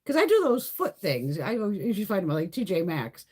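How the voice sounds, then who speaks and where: A middle-aged woman hosting a beauty livestream, telling stories in a loose, animated way, swearing freely and laughing often. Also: medium pitch, fairly quick, husky. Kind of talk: casual chat.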